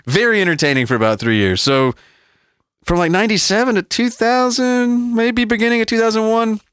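A man's voice: high-pitched, brisk, smooth, no echo, studio quality. A man in his forties, a podcast co-host, telling stories in casual, profane chat with frequent laughs. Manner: profane, animated storytelling with laughs.

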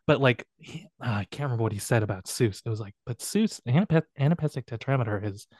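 A man co-hosting a podcast, chatting casually and playfully. He trades jokes and reads out silly verses of his own. The voice sits mid-pitch and sounds close and dry. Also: animated, quick pace, darkish tone, no echo. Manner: playful, jokey, reciting his own comic rhymes. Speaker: podcast co-host. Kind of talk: casual chat.

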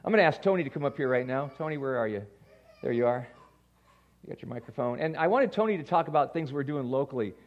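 A man preaching a sermon as pastor, animated, going from loud bursts to quiet asides and stammering as he restarts. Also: medium pitch, quick pace. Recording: dull lo-fi sound.

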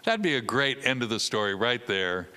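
A man's voice: mid-range voice, very animated, normal speed, in a large hall, background noise. A man preaching a sermon, telling a story with humor and acting out the characters' voices.

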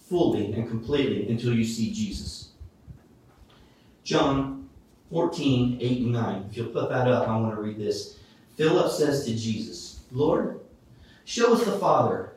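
A man's voice: medium pitch, a little hiss or hum. Male preacher, emphatic scripture reading, distant mic in a very echoey hall. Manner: reads Bible verses aloud, expressive and emphatic. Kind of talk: sermon.

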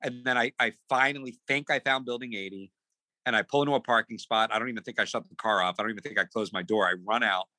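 Man, podcast guest, animated storytelling, forceful tone, dry close sound. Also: medium pitch, quick pace, no echo, rough recording. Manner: animated, repeats words, acts out quotes. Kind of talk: casual storytelling.

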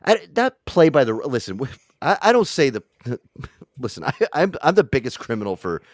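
Male podcast host, lively swooping pitch, dry close mic, rambling chat. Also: moderate pace, no echo. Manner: rambling, restarts a lot, swears casually.

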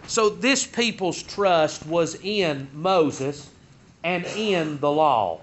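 A man teaching a Sunday school Bible lesson in a conversational way, rising in pitch and force as he retells what the crowds said. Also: animated, extremely slow. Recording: dull lo-fi recording.

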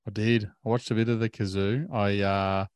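Low-voiced, halting man chatting. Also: little pitch movement, smooth, no room sound, studio quality. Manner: halting, repeats words. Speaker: podcast co-host. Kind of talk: casual chat.

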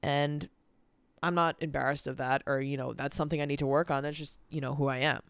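An eighteen-year-old podcast host rambles tiredly and swears about stress and a busy month, packing the casual vlog-style chat with "like." His medium-pitched voice is clean and fairly bright, a little fast with little pitch movement, and there's no room sound. He's in a cold indoor room, recorded by a camera on a timer.

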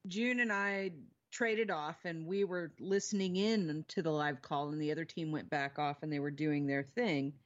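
A woman paranormal investigator telling her experiences in a casual interview, animated and laughing often. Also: sits low, moderate pace, few pauses, lo-fi sound.

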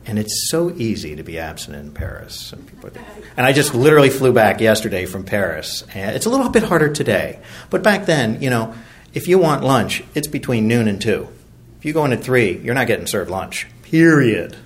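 A man's voice: mid-range voice, big pitch swings, fairly quick. A middle-aged man from Virginia sharing his recovery story at a meeting, rambling and self-deprecating, with many fillers and restarts. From Virginia, USA.

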